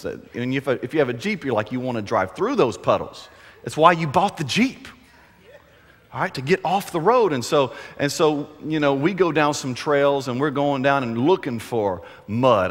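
A man's voice: medium pitch, fairly bright tone. A middle-aged man preaching a sermon, telling a funny story in a chatty, humorous way. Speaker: pastor. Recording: echoey hall.

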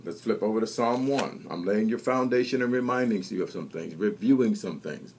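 A man's voice: on the low side, fairly quick, few pauses, darkish tone, slightly rough. A man preaching a sermon, exhorting his listeners and calling them to repeat after him. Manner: exhorting, call-and-response preaching. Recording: radio broadcast.

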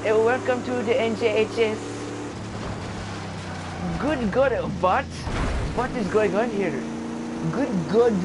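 Man doing a woman teacher, high-pitched, frantic, exclaiming, loud, noisy background. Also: slow pace, pauses often. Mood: flustered. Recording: game audio noise behind.

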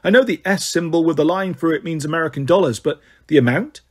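A clear-headed young sorceress, blunt and matter-of-fact, as a man reads her aloud. The voice is high and husky. It sounds like a storybook character. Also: quick pace, natural voice. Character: sharp, practical young sorceress. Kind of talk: audiobook character voice.

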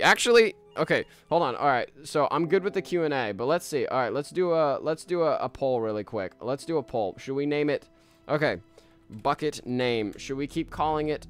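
An excitable man chatting with his live stream viewers while playing a game. He talks in a mid-range voice, jumps between thoughts and laughs often. Faint music plays softly behind him. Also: medium pitch. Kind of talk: live gameplay stream chat.

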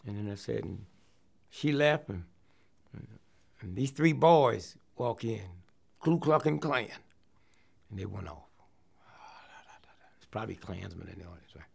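Gravelly older man telling a story. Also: on the low side, measured pace, pauses often. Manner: animated storyteller, acts out quotes, drops to hushed near-whispers. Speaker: comedian recalling his career. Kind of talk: storytelling interview.

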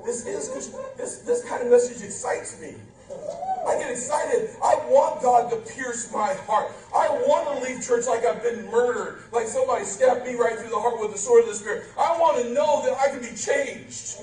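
A man's voice: extremely high pitch, moderate pace, hardly any pauses, darkish tone, soft background music. A male pastor preaching a fervent, emphatic sermon full of rhetorical questions and humorous asides. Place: church sanctuary, indoors. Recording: echoey church from far off, faint room noise.

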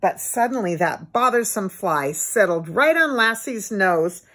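A woman gently reading a children's book aloud in an expressive bedtime manner. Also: mid-range voice, unhurried, breathy edge. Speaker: storybook reader.

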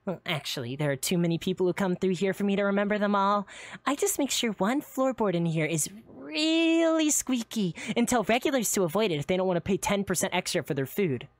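A woman's voice: mid-range voice, expressive, fast talker, few pauses, natural voice. A woman voicing a quirky young woman who runs a seafood restaurant, giggly and playful in a live roleplay. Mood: conspiratorial. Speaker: restaurant owner character.

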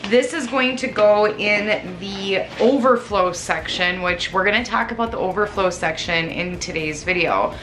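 In a distant, echoey recording with background music and a little hiss or hum, a woman chats and rambles to herself as she films herself cleaning her kitchen, laughing at her own remarks. Her medium-pitched, slightly bright voice keeps a measured pace with few pauses.

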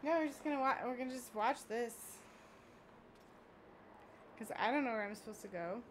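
A woman's voice: a little high, normal speed, a little hiss or hum. A woman commenting casually on her own gameplay, swearing often and talking to herself in exasperation. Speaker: gamer playing a video game.

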